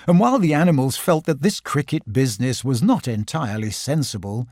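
A man narrating a children's storybook with gentle, expressive storytelling. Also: medium pitch, no room sound, studio quality. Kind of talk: audiobook narration.

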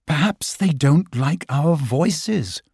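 A man's voice: on the high side, lively intonation, slow pace, creaky, darkish tone, breathy edge, no room sound, studio quality, full character voice. A man voicing a kind, practical young boy who speaks earnestly and encouragingly.

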